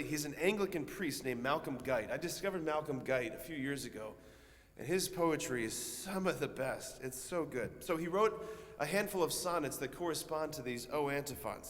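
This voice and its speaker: A male priest gives a homily in a long-echoing church, chatting easily with the congregation. He uses a mid-range voice and swells into loud, stretched-out emphasis on key phrases. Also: medium pitch. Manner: conversational, asks the congregation questions. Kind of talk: sermon.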